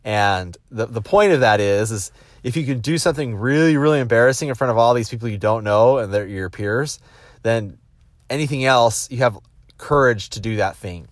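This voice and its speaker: A business executive at normal speed and medium pitch gives a casual motivational talk built on personal stories. Animated, he performs the voices of those he quotes and keeps restarting his sentences. The sound is clean studio audio without echo.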